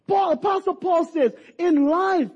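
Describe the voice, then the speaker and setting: High-pitched preacher guy, fired up, dull lo-fi sound. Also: measured pace. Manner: impassioned, builds to shouts, stumbles and repeats words. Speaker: pastor. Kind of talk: sermon. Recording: dull lo-fi recording.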